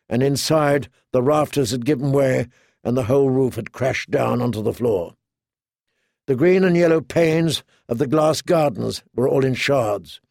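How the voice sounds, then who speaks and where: Gravelly male fantasy audiobook narrator. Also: medium pitch, a little mellow, no room sound, studio quality. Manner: measured storytelling.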